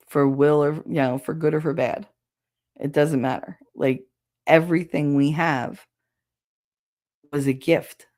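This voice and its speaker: A woman host chatting casually and bluntly with viewers, swearing freely, her throat raw and hoarse. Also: on the low side, a little mellow. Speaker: show host reading viewer comments. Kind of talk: casual solo livestream chat.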